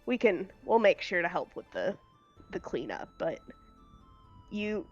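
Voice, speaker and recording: A woman's voice: lowish voice, sing-song, unhurried, dull audio, soft background music. A woman voicing two cocky young town guards. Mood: grateful.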